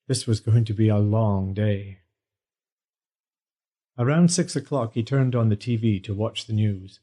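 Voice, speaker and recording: Mellow male audiobook narrator. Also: fairly low pitch. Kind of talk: scripted narration.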